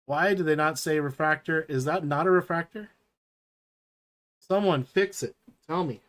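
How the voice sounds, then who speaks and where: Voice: mid-range voice, normal speed, fairly bright tone. A live-stream host chatting enthusiastically while opening packs and reading out each card as it appears.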